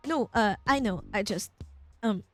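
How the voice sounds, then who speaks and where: A woman's voice: mid-range voice, unhurried, faint music behind, lightly acted. A woman voicing a nervous young male detective in a game read-aloud, stammering and flustered.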